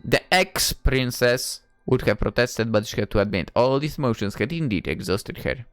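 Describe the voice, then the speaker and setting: A woman's voice: a bass voice, expressive, normal speed, no echo, soft background music. Sarcastic woman narrating a story game. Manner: sarcastic, swearing asides. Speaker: game streamer reading a story game. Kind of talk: game playthrough narration and commentary.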